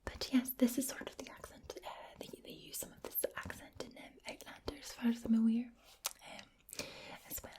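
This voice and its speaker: A Scottish woman hosting an ASMR channel, talking in a soft unvoiced whisper with gentle pauses. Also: a little high, flat delivery. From Scotland.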